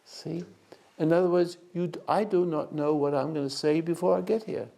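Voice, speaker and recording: An older man giving an unscripted, sermon-like talk as a spiritual teacher, telling a story slowly with many restarts and hesitations. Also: on the high side, steady tone, dark tone. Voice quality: gravelly.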